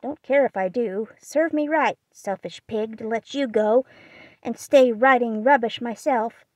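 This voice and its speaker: An impulsive teenage girl, read by a woman, blunt and quick to exclaim, her voice pitched high and raised. It is a dry, close audiobook reading. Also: dry recording, poor audio. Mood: anxious.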